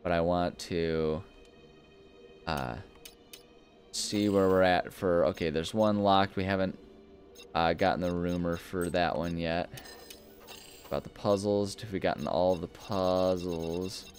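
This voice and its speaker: A young man commenting casually while playing a video game, rambling and easily amused, often breaking into high-pitched laughter. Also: steady tone, slow, pauses often, a little mellow, soft background music. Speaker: gaming video host. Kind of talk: casual let's-play commentary.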